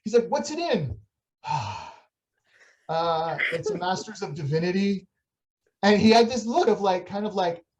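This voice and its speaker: A young adult woman telling a funny story in a casual church chat, animated and laughing, with many restarts. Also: on the low side, slight background noise. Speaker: church staff member on a video chat.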